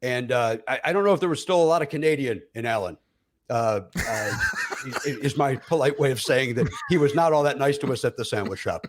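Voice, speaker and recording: A middle-aged man, a comedian guest, telling stories in an animated way and acting out other people's voices. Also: medium pitch, a little fast, slight background noise. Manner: acts out other people's voices, with many fillers and laughs. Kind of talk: animated comic storytelling.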